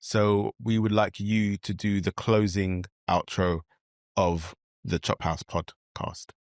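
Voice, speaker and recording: Man, podcast co-host, lower voice, easygoing, steers the talk, dry sound. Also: little pitch movement, slow pace, no echo. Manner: easygoing, leading the conversation. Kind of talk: casual chat.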